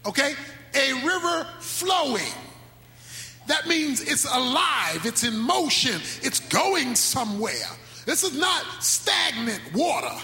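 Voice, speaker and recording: A man preaching a sermon with speech, swinging between sudden shouts and slow, drawn-out phrases. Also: very high-pitched, sing-song. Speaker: pastor. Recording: echoey hall with faint music.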